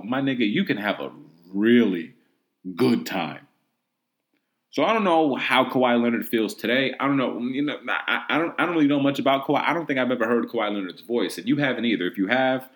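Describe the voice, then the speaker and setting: A man hosting a solo sports podcast, rambling and mocking in a casual, profane way, full of "like" and "um". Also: medium pitch. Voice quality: profane, rambling, heavy use of "like" and "um". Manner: animated, mocking, incredulous. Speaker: podcast host.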